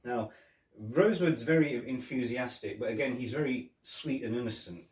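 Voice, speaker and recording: A man's voice: medium pitch, moderate pace. Rambling man chatting about a film. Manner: rambling, retells scenes with quoted lines and laughs. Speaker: podcast host. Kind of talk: casual film review chat. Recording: roomy echo, mic at a distance.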